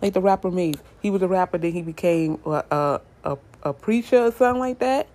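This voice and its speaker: A woman's voice: on the low side, brisk, warm tone. A young adult woman giving a casual tarot reading to her viewers, chatty and repetitive, talking straight to them as y'all. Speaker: tarot reader.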